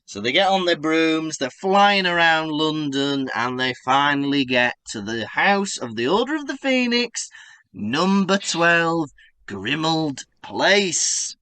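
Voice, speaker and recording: A man co-hosting a podcast, teasing his co-host and running through a chapter summary. His voice is fairly high and bright, swinging widely in pitch. He takes his time, and the sound is dry and close. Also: very animated, takes it slowly, smooth, dry recording, poor audio. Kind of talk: casual chat and chapter summary.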